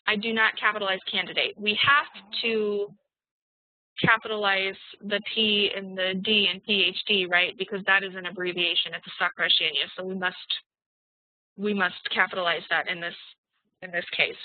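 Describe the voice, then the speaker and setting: A woman teaching an online English class, spelling out example sentences slowly and deliberately. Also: medium pitch, little pitch movement, no echo. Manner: slow, deliberate dictation of examples. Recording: tinny, dry call audio.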